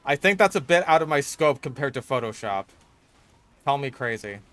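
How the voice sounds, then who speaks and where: A man's voice: mid-range voice, lively intonation, normal speed, a bit bright, no room sound. A young man giving casual gameplay commentary while he plays, swinging between mutters and frustrated, swearing outbursts. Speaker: gaming streamer.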